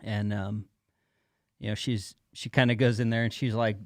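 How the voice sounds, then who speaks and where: A man's voice: fairly low pitch, flat delivery, moderate pace, no room sound, studio quality. Easygoing man, pastor co-hosting a chat. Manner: easygoing, rambling, retells stories conversationally. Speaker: pastor and co-host. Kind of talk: casual live-stream chat.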